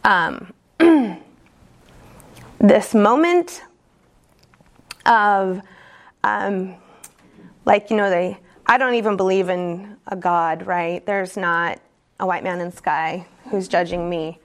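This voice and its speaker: A woman telling her own recovery story at a support meeting, candid and earnest, halting often with fillers and restarts. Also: medium pitch. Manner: earnest and emotionally open. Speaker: speaker sharing at a recovery meeting. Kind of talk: personal recovery testimony.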